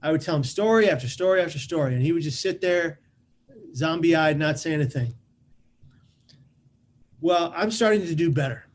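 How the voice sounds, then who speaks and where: Lively man telling a personal story. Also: fairly high pitch, a little hiss or hum. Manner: lively, repeats words while rushing on. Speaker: guest.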